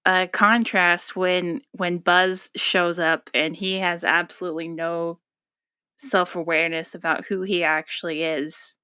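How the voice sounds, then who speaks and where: A woman with a bright, sharp voice muses aloud on a podcast. Her tone is crisp and smooth, and the recording is dry and close. She wanders through her thoughts with lots of filler words and giggles. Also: on the low side, flat delivery, unhurried, no echo. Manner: musing, many "like" fillers, giggly. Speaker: podcast co-host. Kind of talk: casual chat.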